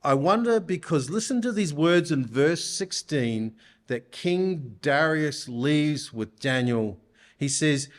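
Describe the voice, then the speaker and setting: A man preaching a sermon in church, speaking deliberately and putting rhetorical questions to his listeners. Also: fairly high pitch, expressive.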